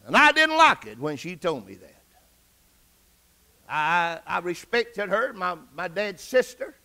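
A middle-aged man preaching a sermon as pastor, telling his own testimony and rising to excited outbursts. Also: high-pitched, slow.

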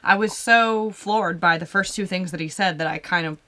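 A woman co-hosting a relaxed live whiskey show, talking casually and expressively. Her voice is bright and crisp, and she reads viewer comments aloud in a chatty way. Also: on the low side, normal speed. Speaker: podcast co-host.

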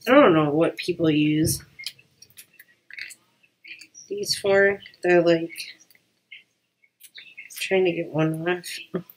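A woman's voice: fairly low pitch, steady tone, extremely slow, long pauses, slight background noise, poor audio. Woman with a cold, chatty unboxing. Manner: chatty, rambling, many fillers. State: has a cold, voice lowered. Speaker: vlogger. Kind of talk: casual unboxing chat.

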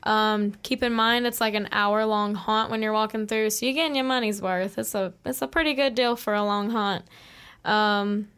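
A woman who acts in a haunted attraction, appearing as a guest on a radio show and chatting in an upbeat, quick-reacting way. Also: mid-range voice, fairly even intonation, a bit bright, clear, resonant tone. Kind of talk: casual radio chat.

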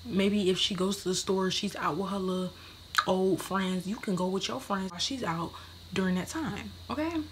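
A woman's voice: mid-range voice, normal speed, slight background noise. Brash, profane young woman vlogger. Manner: brash, profane, slips into whispers. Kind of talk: casual advice vlog.

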